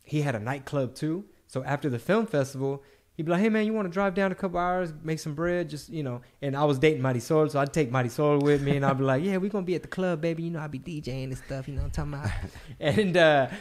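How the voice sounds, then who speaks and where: A man hosting a podcast in casual chat, telling relaxed stories about his start in comedy. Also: on the high side, quick pace. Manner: relaxed, chatty, tells his own stories. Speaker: podcast host.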